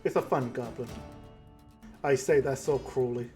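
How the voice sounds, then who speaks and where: A man's voice: mid-range voice, steady tone, moderate pace, darkish tone, soft background music. A man running a tabletop game as game master, narrating in a casual, joking way.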